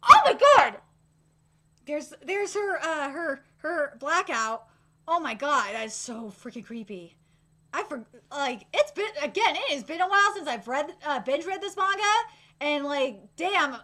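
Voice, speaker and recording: A woman streamer reacting live while reading a manga, excitable and gushing, swearing casually. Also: high-pitched, unhurried.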